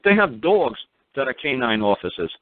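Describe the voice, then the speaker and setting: A man's voice: mid-range voice, very animated, normal speed, dry recording. A man from New York hosting a call-in show, firing blunt, profane rhetorical questions at a caller. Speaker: radio show host. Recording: tinny phone-line sound.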